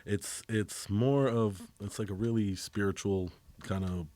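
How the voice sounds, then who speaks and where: A man's voice: on the low side, fairly even intonation, a little slow, dark tone, dry recording. A man as a podcast guest in casual chat, laid-back and rambling, swearing casually.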